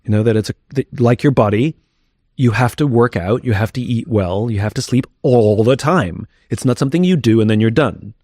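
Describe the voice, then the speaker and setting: A man's voice: medium pitch, a little fast, dark tone, no echo, clean studio sound. A man talking candidly as an interview guest, reflective and thinking aloud as he goes.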